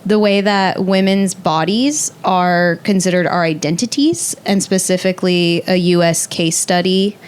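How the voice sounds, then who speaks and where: A young adult woman talking casually as a podcast guest, thoughtful and sometimes pausing to search for the right word. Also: on the low side, fairly even intonation, clear, resonant tone. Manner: thoughtful, searches for words mid-sentence.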